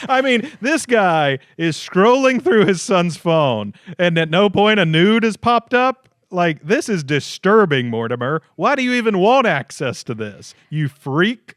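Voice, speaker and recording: A man chatting through a TV recap with his co-host, joking and slipping into playful voices for the characters. His pitch swings a lot from line to line. The sound is close and dry, with no room around it. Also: big pitch swings, a bit bright, no echo. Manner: joking, quick to laugh, acts out lines in silly voices. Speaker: podcast co-host. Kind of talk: casual chat recapping a TV episode.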